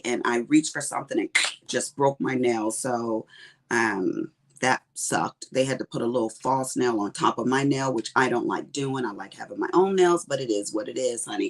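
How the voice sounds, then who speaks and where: A middle-aged Texan woman chats casually with viewers during her diamond painting livestream, calling them honey and baby. Her very deep voice has a fairly bright tone and a moderate pace.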